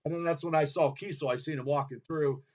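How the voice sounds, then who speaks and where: Excitable, profane man on dull radio audio. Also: on the high side, quick pace. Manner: excitable, loud and profane, often trailing off and restarting. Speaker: radio show host. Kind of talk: rambling storytelling monologue. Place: his home studio.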